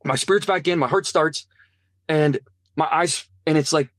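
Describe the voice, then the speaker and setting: Male interview guest, higher voice, earnest animated testimony, dry close sound. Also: moderate pace, no echo. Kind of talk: personal testimony storytelling.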